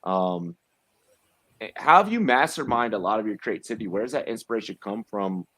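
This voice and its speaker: A man hosting a casual livestream chat, animated and repeating himself, with many fillers. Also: fairly low pitch, brisk, no room sound. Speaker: host.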